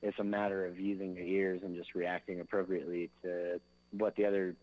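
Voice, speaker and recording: A man's voice: low voice, flat delivery, a little fast, darkish tone, poor audio. Rambling man sounding out drum grooves. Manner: loose and rambling, fills with "like" and "you know"; sings drum beats with his mouth. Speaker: drummer and interview guest. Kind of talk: casual interview chat.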